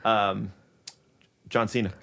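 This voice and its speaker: A man's voice: on the low side, little pitch movement, slow pace, vocal fry, fairly bright tone, no room sound. A man co-hosting a podcast, joking loosely through casual banter and sign-offs. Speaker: podcast co-host.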